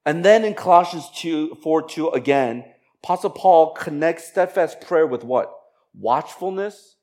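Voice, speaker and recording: A man preaching as a pastor, moving from slow, emphatic scripture reading into a chatty, laughing personal story. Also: on the high side. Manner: conversational, animated storytelling with laughs and quoted voices.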